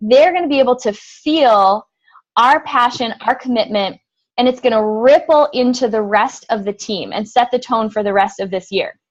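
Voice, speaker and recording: A woman's voice: on the high side, normal speed, highs cut off. Upbeat woman coaching a team call. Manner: upbeat coaching, rhetorical questions. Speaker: team leader hosting a group call.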